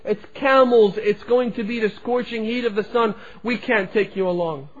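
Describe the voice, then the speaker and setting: Preacher doing grieving father, high-pitched, pleading, muffled recording. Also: normal speed. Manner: pleading, tender, raised emotional voice. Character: grieving father, a holy leader bidding his sick daughter farewell. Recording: dull lo-fi sound.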